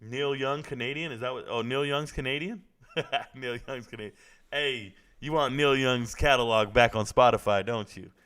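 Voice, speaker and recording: A man's voice: mid-range voice, moderate pace, fairly bright tone, smooth. Chatty joking man reacting live. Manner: joking, loose and chatty, talking to viewers in chat. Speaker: live-stream host reacting to a fight. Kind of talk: casual live reaction commentary.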